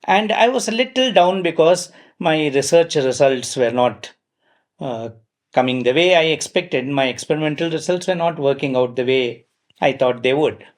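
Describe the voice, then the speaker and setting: Middle-aged man, slightly high voice; anecdotal devotional talk, lively, full of fillers. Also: normal speed. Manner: lively retelling with frequent fillers and self-deprecating asides. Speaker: speaker at a devotional gathering.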